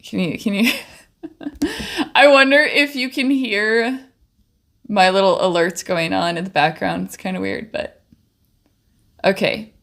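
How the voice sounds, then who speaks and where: In a slow, medium-pitched, fairly bright voice with frequent pauses, a young woman chats while painting on a livestream from her home studio. Speaking into a desk microphone, she's bubbly and rambling, trailing off and restarting.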